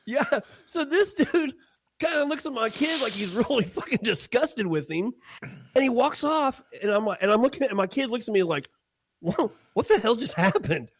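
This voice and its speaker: A man co-hosting a podcast, telling a crude story in a casual, animated way and laughing often. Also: very high voice, moderate pace, no room sound. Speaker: podcast co-host.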